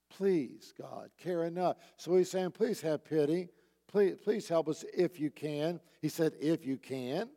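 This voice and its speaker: Earnest preaching man, high voice, church reverb. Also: darkish tone. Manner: earnest, emphatic preaching with rhetorical questions. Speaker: pastor. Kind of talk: sermon.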